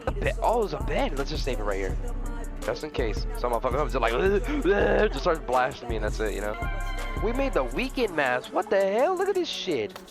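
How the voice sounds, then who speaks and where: Young male game streamer, easily startled, swinging from low mutters to high yelps; music plays underneath. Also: big pitch swings, fairly quick. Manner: jumpy, shrieks in fright then mutters. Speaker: gaming video host. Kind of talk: profane let's-play commentary. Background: background music.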